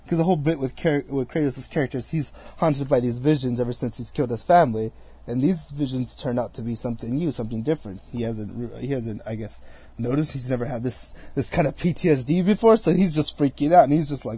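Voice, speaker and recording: A young man talks through a video game he played, rambling and restarting his sentences, slipping into quick acted-out asides. His voice is husky and mellow and sits a touch high for a man. The sound is dry and close, with no room around it. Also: no room sound. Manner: rambling, full of fillers and restarts, acts out scenes in quick asides. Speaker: game reviewer. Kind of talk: casual spoken game review.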